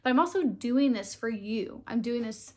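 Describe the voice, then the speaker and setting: A woman's voice: fairly high pitch, expressive, normal speed, dark tone. A young woman talking earnestly and openly to camera in a casual vlog, laughing now and then. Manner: earnest, open, tearful at times, laughs often. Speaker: vlogger starting a channel. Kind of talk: heartfelt casual vlog talk.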